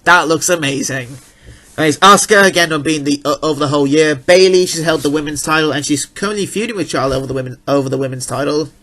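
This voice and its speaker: A man with a slightly raised pitch talks in a relaxed, jokey way, tossing out quick opinions. He keeps the casual chat rolling with easy banter. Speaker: co-host of a wrestling awards chat.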